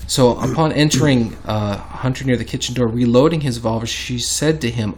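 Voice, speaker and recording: A man casually reading a historical account aloud to a co-host, pausing for quick commentary. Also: mid-range voice. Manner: reads aloud dramatically and breaks off to comment.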